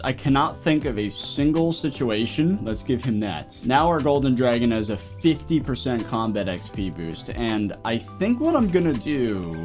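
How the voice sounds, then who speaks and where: Excitable young man with a lively voice. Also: medium pitch. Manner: excitable, shrieks and gasps at rare drops. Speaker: gaming YouTuber. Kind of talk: casual gameplay commentary.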